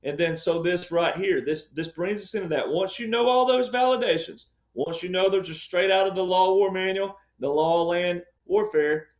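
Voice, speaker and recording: A man's voice: sits high, moderate pace, few pauses, reverberant. A man speaking as a panel guest, explaining his point emphatically and repeating key ideas like a lecturer.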